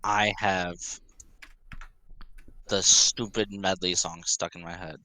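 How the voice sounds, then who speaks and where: A man serving as game master for an online tabletop game, relaxed and casually profane. His lowish voice has a bright, forceful edge and sounds dry and close to the mic. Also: slow, no room sound. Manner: laid-back, swears casually.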